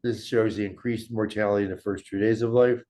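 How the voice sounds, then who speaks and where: A man's voice: on the low side, fairly even intonation, dark tone. Older man giving a medical lecture. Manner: measured, walks through slides and study data. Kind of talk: academic lecture on slides.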